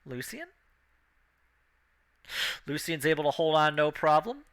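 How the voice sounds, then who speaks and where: A man's voice: on the high side, lively intonation, a little slow, a bit bright, clean tone. A man narrating a tabletop role-playing game as game master, laid back and full of fillers and chuckles.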